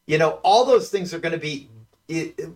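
A man calling in as a political consultant guest on a talk radio show, sounding set back from the mic. His voice sits a bit high, and he hesitates with plenty of ums. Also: expressive, moderate pace, far from the mic, low-quality recording. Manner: distracted, hesitant, lots of ums. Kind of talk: casual political radio chat.

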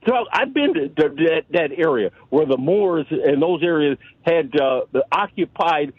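An impassioned male radio caller who rambles and keeps repeating words as he stumbles on. His voice is fairly high and husky. It comes through a tinny, dry phone line. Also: lively intonation, unhurried, dry recording. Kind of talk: call-in radio talk.

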